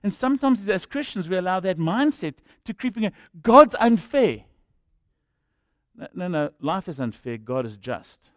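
A pastor preaching a sermon in an animated, rhetorical way, with humorous asides. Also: male voice, high voice, moderate pace, no room sound, studio quality.

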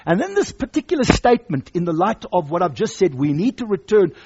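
A male preacher with a high, husky voice delivers a sermon. He is emphatic and circles back to repeat his key lines. The recording sounds dull and lo-fi. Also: big pitch swings, brisk, a little mellow.

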